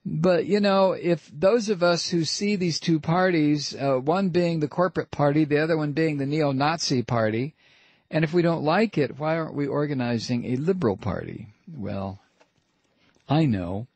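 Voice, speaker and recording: High-voiced, sarcastic radio host. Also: male voice, a little mellow, no echo. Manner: sarcastic, mocking, halting. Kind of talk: talk radio commentary.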